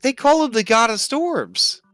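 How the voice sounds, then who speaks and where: A man putting on a shrill, dramatic young woman. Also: animated, measured pace, dry recording, faint music behind, exaggerated voice. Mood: shocked. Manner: shrill exclamations, rising to near-shouts. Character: excitable high-voiced young woman, dramatic and tearful.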